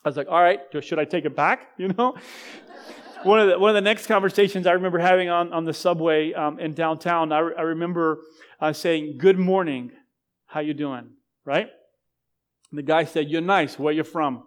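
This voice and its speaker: A man with a fairly high voice delivers a sermon in a church. He talks to the congregation like he's chatting with friends, using humor at his own expense. His sentences often restart midway. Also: fairly even intonation, moderate pace. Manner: conversational, self-deprecating humor, frequent restarts. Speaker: guest pastor.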